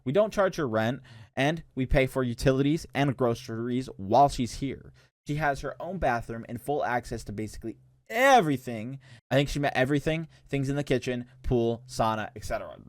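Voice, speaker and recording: A man's voice: mid-range voice, animated, a little fast, dry recording, studio quality. A young man reading posts aloud and reacting in a laid-back, slangy, joking way, laughing often. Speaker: reaction streamer. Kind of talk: casual reaction commentary.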